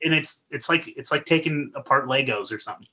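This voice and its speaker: A man, a podcast guest, telling stories in casual chat, profane and animated. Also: medium pitch, fast.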